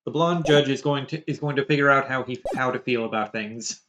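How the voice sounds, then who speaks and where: A man's voice: medium pitch, brisk, a bit bright. A man chatting on a game stream, dry and teasing, stumbling through a sign-off. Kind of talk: casual game stream chat. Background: music.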